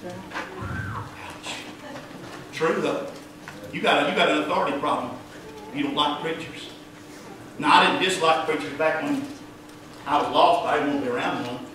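A man preaching a fervent sermon as pastor, building to loud cries. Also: a little high, fairly quick, a little hiss or hum. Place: church sanctuary. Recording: echoey church heard from a distance.

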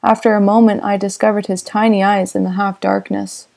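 A woman narrating a classic novel as an audiobook in a measured storytelling manner. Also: medium pitch, flat delivery, vocal fry, darkish tone.

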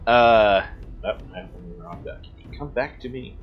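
A man running a tabletop role-playing game as game master, briskly explaining rules and teasing the players. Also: medium pitch, lo-fi sound, soft background music.

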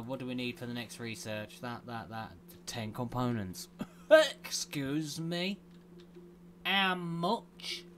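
A man's voice: fairly high pitch, a bit bright, slight background noise. A man hosting a gaming channel, chatting casually and playfully grumbling as he plays. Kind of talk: casual let's play commentary.

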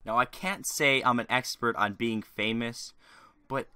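A man's voice: medium pitch, measured pace, sharp tone, clear, resonant tone, no echo. A man giving sarcastic, crude reaction commentary with mocking, rambling asides. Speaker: YouTube commentator.

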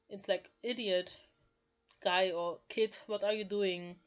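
Slow woman explaining Japanese. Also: medium pitch, steady tone, dull audio. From Germany. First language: German. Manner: slow, careful explaining with frequent "like". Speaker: language learner teaching Japanese. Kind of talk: explaining manga lines.

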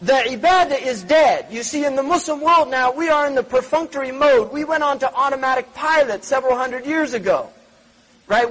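Male religious lecturer, very high voice with a breathy edge, chatty and digressive, keeps asking the audience questions. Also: low-quality recording. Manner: conversational, digressive, frequent rhetorical questions. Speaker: Islamic scholar lecturing.

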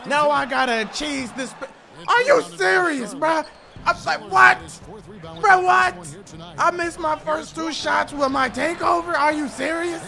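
A young man giving loud gameplay commentary, hyped and ranting, trash-talking the opponent as he plays. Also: very high-pitched, unhurried, vocal fry, crowd noise. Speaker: gaming YouTuber. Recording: game music playing behind.

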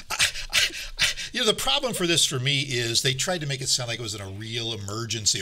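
A man's voice: mid-range voice, lively intonation, fast talker, pushed and bright. A man on a panel discussion, explaining in an emphatic way and circling back on his points. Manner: emphatic, explanatory, a little repetitive. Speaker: journalism professor, panelist.

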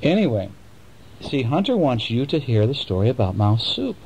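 A father reading a bedtime storybook to his children at home, chatting gently and coaxing them with questions. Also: medium pitch, very animated, normal speed, gravelly, dull audio.

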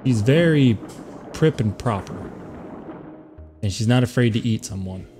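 A woman's voice: extremely low pitch, animated, a little slow, music in the background. A woman co-hosting a casual let's play, giving laid-back, dry commentary on the game. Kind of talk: casual gameplay chat.

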